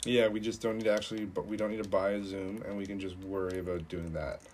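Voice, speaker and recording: Casting: young male podcast co-host, lowish voice, rambling, filler-heavy banter, faint room ambience. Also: flat delivery, quick pace, darkish tone, slight background noise. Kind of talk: casual chat.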